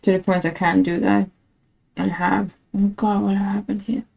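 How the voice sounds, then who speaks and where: Gravelly, dark-voiced woman streamer rambling. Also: medium pitch, flat delivery, normal speed, poor audio. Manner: rambling, self-mocking, laughs often; frustrated with tech. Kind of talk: casual live-stream chat.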